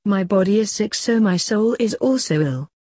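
A woman's voice: mid-range voice, animated, normal speed, mellow, slightly rough, no echo, studio quality, voice pushed up. A woman voicing a grumpy, ancient male doctor who grumbles wearily. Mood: grumbling. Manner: grumbling and weary.

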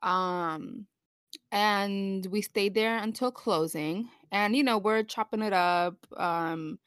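A young woman co-hosts a podcast, telling stories in a casual chat and laughing often. Her voice is medium-pitched, slow, and a bit bright, in a dry, studio-quality recording.

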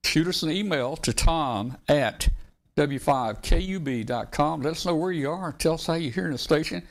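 A man's voice: on the high side, lively intonation, normal speed. A man with a Southern accent hosting a radio show in a folksy, rambling way.

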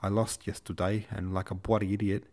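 A man's voice: on the low side, little pitch movement, fairly quick, darkish tone. A man voicing a hot-tempered, swearing young cavalry officer who cannot pronounce his R's. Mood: blustering. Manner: blustering, swearing.

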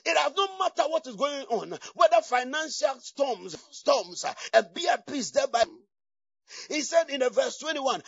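Man, charismatic preacher, gravelly fry, dry sound, shouted declarations. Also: very high voice, dry recording. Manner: fiery, shouting declarations, bursts of tongues. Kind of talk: charismatic sermon. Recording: dull lo-fi, distant from mic, dry.

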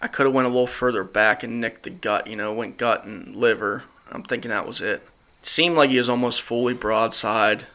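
A man's voice: mid-range voice, steady tone, normal speed, pushed and bright. A man hosting a podcast, telling a hunting story in casual chat, acting out quotes and laughing often. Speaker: podcast host. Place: studio.

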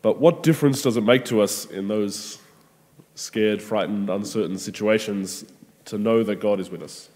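A man preaches in an easy, conversational way, often pausing and restarting his thoughts. His voice sits on the low side. A long reverb trails his words, as in a large hall. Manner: gentle, conversational, with frequent ums and restarts. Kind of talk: sermon reflection.

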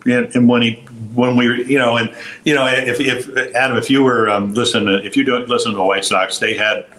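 An older man, a former pitcher and broadcaster, telling long anecdotes with restarts and quoted voices in an interview. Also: level tone, fairly quick, a bit bright, low-quality recording. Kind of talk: storytelling interview.

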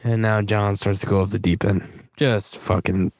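A man's voice: on the low side, fairly even intonation, moderate pace, darkish tone, no room sound. A man giving casual, blunt movie commentary as a podcast host, swearing and scoffing often.

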